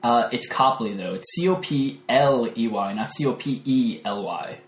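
A man's voice: medium pitch, normal speed, darkish tone. A man in his twenties, a podcast guest, chatting casually in a rambling, laid-back way with lots of fillers. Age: 20s. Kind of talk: casual chat. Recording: echoey room, faint noise.

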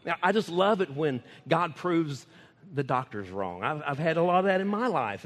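A man's voice: on the high side, moderate pace. A man with a Texan accent, a preacher telling stories in a folksy, laughing sermon style. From Texas. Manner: folksy, laughing, animated storytelling. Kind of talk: sermon storytelling. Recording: echoey hall.

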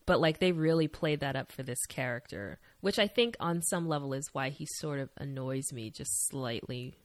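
Low-voiced sassy woman co-host. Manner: sassy, quick-witted quips. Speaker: podcast co-host. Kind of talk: casual chat.

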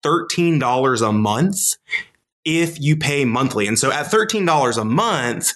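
A man in his thirties co-hosts a relaxed podcast and talks in an easy, conversational way. He tells stories with playful asides. His pitch sits in the middle of the usual range for men. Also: measured pace. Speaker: podcast co-host. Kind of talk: casual chat about personal finance.

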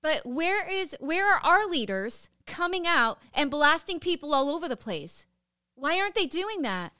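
A woman co-hosting a podcast in casual chat, emphatic and quick to laugh. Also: high-pitched, very animated, bright, forceful tone, no room sound, clean studio sound. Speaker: podcast co-host.

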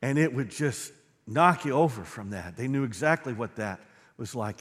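A middle-aged male pastor preaching a sermon, swinging from quiet, low lines to loud, fervent ones. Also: expressive, moderate pace. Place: church sanctuary. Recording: long reverb of a large hall.

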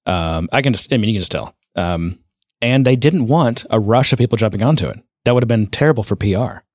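A man co-hosting a casual tech podcast, talking in a rambling way and trailing off quietly at the ends of thoughts. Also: fairly low pitch, lively intonation, brisk, no room sound, clean studio sound. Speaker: podcast co-host.

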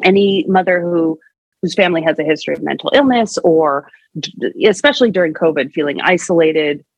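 A woman's voice: low-pitched, expressive, brisk, dry recording, low-quality recording. A woman commentator talking casually in a discussion, with many fillers. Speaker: guest commentator. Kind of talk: casual conversation.

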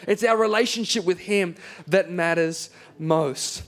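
A man's voice: high-pitched, measured pace, a bit bright. A man, a pastor preaching a conversational sermon in church and telling a story with self-deprecating humor. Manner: conversational, self-deprecating, acts out quoted voices.

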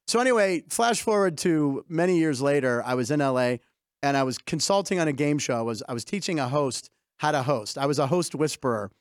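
A man's voice: fairly high pitch, lively intonation, fairly quick, no room sound, studio quality. A man hosting a comedy sports show, telling stories and joking with guests, laughing often. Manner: jokey storyteller, laughs often. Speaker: host. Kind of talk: casual comedy sports chat.

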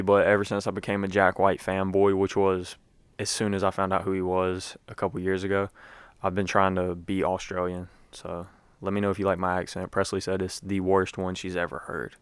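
A man's voice: low voice, completely flat delivery, normal speed, clear, resonant tone, no echo. A young man giving a rambling, casual recap as a sports fan, with lots of fillers and restarts.

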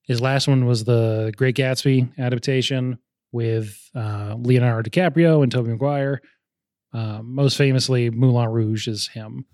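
A man hosting a movie podcast in relaxed chat, rambling along and restarting his sentences. His pitch sits in a middle range, and the sound is dry and close. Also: unhurried, no room sound. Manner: chatty, rambling, frequent restarts. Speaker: podcast host. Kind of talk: casual chat about movies.

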